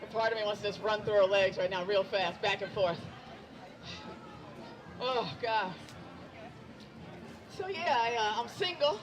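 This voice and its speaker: A woman's voice: mid-range voice, measured pace, long pauses. Self-mocking middle-aged woman comic, crowd around. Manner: self-deprecating, bantering with the crowd. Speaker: stand-up comedian. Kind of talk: outdoor stand-up set. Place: outdoor event. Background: crowd of onlookers.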